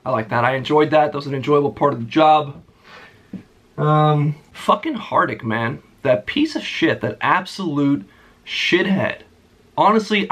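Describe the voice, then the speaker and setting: A man's voice: a little high, fairly bright tone. A young man telling a work story as a casual, profane and sarcastic rant. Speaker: vlogger.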